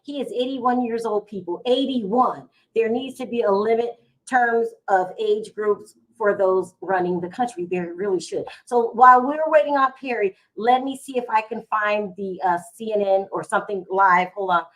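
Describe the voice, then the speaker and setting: A woman's voice: mid-range voice, normal speed, a bit bright. A middle-aged woman, hosting a casual live stream from home, chatty and emotional as she talks to her viewers. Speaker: vlog host going live.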